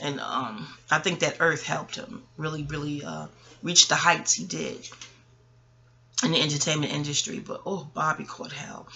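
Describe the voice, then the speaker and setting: A woman's voice: low-pitched, moderate pace, gravelly, bright, forceful tone, slightly rough. A woman hosting an audio-only astrology talk, rambling off on tangents, joking and cursing freely. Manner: rambling, digressive, profane and playful. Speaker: astrology video host. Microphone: audio-only home recording.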